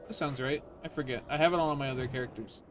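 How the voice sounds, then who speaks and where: A man's voice: medium pitch, racing, soft background music. A man streaming a video game, ranting in casual, profane commentary.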